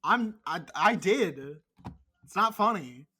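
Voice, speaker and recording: A man's voice: high-pitched, animated, slow, pushed and bright, husky. Guy cohosting a podcast, swears a ton, fake mad at his friend, talking over a call mic. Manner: crude, mock-angry teasing with lots of swearing. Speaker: podcast co-host. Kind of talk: casual chat.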